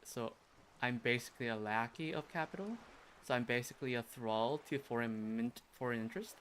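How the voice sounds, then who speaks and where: A man casually commenting on his game stream, sarcastic and quick to swear or laugh. His voice is bright and forward, with faint noise behind it. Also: medium pitch.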